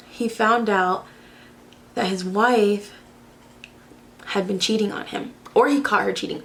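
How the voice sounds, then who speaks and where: A woman's voice: mid-range voice, vocal fry. A young woman from Arizona, chatting casually and swearing freely while doing her makeup, telling a story full of "like". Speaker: beauty vlogger.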